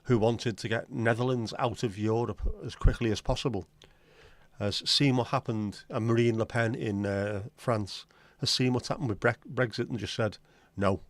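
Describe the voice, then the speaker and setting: A man's voice: mid-range voice, steady tone, moderate pace, dry recording. A man with a Scouse accent, hosting a livestream in casual, blunt, sweary banter with his viewers. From Liverpool, England. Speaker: livestream host.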